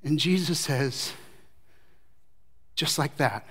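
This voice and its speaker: A middle-aged male pastor preaching a sermon, telling the story with lively emphasis that drops to soft, low passages. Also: moderate pace.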